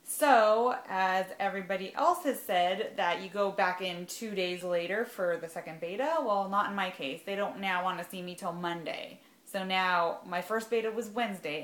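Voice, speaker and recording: A woman's voice: lowish voice, a bit bright, roomy sound. A young adult woman talking casually in a rambling vlog, full of "like" and "um". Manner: chatty, rambling, lots of "like" and "um". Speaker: vlogger sharing fertility journey.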